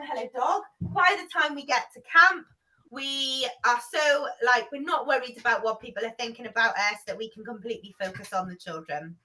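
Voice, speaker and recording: Bubbly high-voiced woman trainer. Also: pushed and bright, distant mic, rough recording. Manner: bubbly, encouraging, leads singing and dancing. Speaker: camp trainer. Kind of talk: online group training. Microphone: video call.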